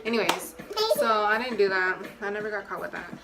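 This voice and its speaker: A woman's voice: mid-range voice, steady tone, a little fast, gravelly, crowd noise. A young woman vlogger chatting casually and telling a personal story straight to her viewers, full of slang. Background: music.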